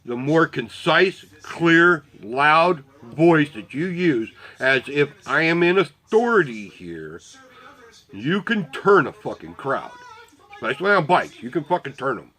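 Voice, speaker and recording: A man's voice: fairly high pitch, big pitch swings, measured pace, sharp tone. A man casually telling a rambling story about volunteering, swearing constantly and acting out his own and others' lines as dialogue. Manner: quotes himself and others in dialogue.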